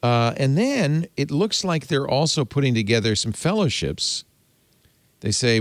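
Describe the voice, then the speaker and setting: A man's voice: medium pitch, a little slow, dry recording. A man in his sixties from the United States hosting a tech podcast, chatting and telling stories. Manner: chatty, storytelling, animated. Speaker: host. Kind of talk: tech podcast panel chat.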